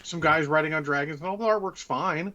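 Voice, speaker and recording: A man's voice: on the high side, fast, sharp tone. Man, casual podcast chat, blunt ranting, lots of swearing, dull lo-fi sound. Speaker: podcast co-host.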